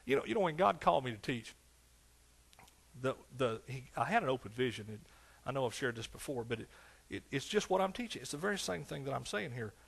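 A man's voice: mid-range voice, expressive, fairly quick, creaky, slightly rough. A man in his sixties with an East Texas accent, preaching a sermon with fervent exclamations and folksy storytelling. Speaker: pastor.

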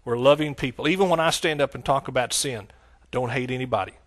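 A fast-talking, middle-aged preacher with a Texan accent and a medium-pitched voice calls out hallelujah, his sermon swinging between loud outbursts and hushed asides.

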